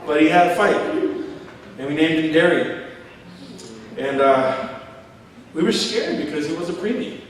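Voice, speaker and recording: A middle-aged man preaching a sermon, his voice pitched a little high and heard from some distance in a big echoing church hall. He tells stories with a laugh, slipping into quoted voices. The room's long reverb trails every phrase. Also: a little slow, pauses often. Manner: storytelling, acting out quotes, chuckling. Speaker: pastor. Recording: echoey hall from far off.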